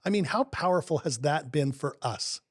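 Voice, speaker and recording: A middle-aged man co-hosting a relationship coaching podcast, his voice sitting a little higher than most men's. He tells stories with upbeat emphasis and a casual, conversational flow. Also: lively intonation, moderate pace. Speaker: co-host, life coach.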